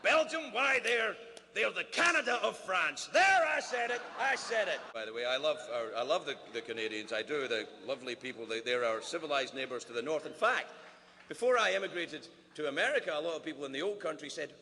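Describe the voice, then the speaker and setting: A Scottish man doing stand-up comedy at a formal dinner, animated, full of quick asides and mock-voiced quotes. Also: on the high side, a little hiss or hum. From Scotland. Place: large banquet hall. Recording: roomy hall with faint ambience.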